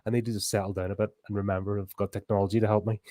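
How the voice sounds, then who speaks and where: A middle-aged man, co-hosting a podcast in casual chat, loud and animated, laughing easily. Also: on the low side, racing. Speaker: podcast co-host.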